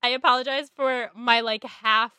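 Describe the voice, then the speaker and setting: A woman's voice: a little high, fairly even intonation, normal speed, bright, forceful tone, clear, resonant tone, no room sound. A young woman co-hosting a podcast in casual book chat, giggly and gushing, sighing often. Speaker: podcast co-host.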